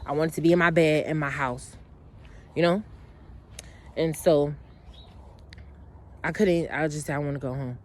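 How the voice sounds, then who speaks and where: A woman's voice: low voice, fairly even intonation, measured pace, pauses often. A woman telling a long personal story in a casual monologue, blunt and emotional, swearing freely and rambling with restarts and asides.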